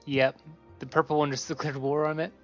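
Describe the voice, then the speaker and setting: A man streaming a game, chatting casually and narrating what he sees with excitement. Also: on the high side, brisk, highs cut off, soft background music. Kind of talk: casual chat while gaming.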